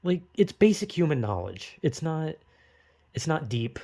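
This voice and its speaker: A young man with a slightly high, sing-song, mellow voice speaks at a measured pace. Rambling and emotional, he curses a lot and criticizes himself, occasionally breaking into urgent self-encouragement.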